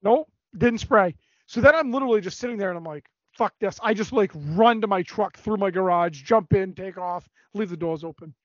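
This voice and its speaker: A man on a podcast telling a long story in a casual, animated way, swearing a lot. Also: high-pitched, brisk, hardly any pauses, no echo. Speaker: podcast co-host. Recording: dry, dull lo-fi recording.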